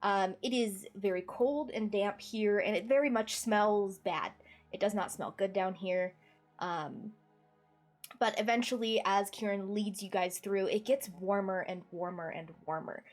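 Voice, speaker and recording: Relaxed woman game master narrating. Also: medium pitch, measured pace, faint music behind. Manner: relaxed, meandering scene description.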